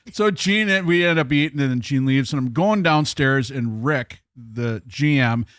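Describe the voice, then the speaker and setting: A man's voice: medium pitch, expressive, unhurried, fairly bright tone, dry recording. A middle-aged man chatting casually on a podcast, animatedly telling a funny story and laughing as he talks.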